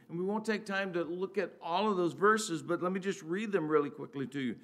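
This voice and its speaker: A man preaching a sermon to his church. His voice sits a little high, and he talks in a loose, conversational way, often correcting himself in the middle of a sentence. When he reads scripture aloud, he turns louder and higher. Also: fairly quick, hardly any pauses. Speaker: pastor.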